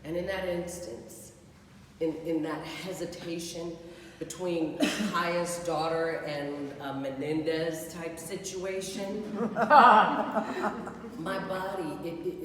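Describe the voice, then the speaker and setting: A woman performing an autobiographical stage monologue, halting and repeating words. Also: deep voice, fairly bright tone, slight background noise. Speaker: solo performer. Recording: echoey hall from far off.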